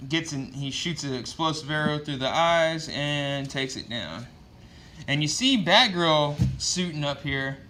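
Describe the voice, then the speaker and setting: A man's voice: medium pitch, sharp tone, slight background noise. A man casually recapping a comic book issue with loose, profane storytelling and lots of fillers.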